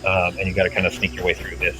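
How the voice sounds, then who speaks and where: Low-voiced man running a tabletop game. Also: rapid-fire. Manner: relaxed, explains rules. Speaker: game master.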